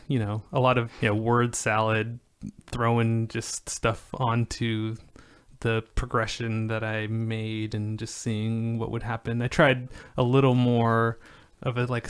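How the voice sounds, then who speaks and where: A man's voice: medium pitch, smooth. Rambling musician podcast host, man. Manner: rambling, loose, many fillers. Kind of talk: casual chat.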